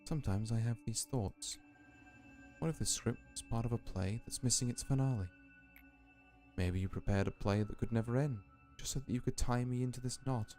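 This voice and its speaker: A man reading as a hushed, wistful artificial being. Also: on the low side, natural voice. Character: newly created artificial being, quietly searching for meaning.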